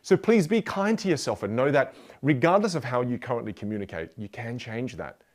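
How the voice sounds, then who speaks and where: A man's voice: medium pitch, animated, fairly quick. A man teaching a motivational communication lesson, speaking playfully and directly to the listener. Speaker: communication coach.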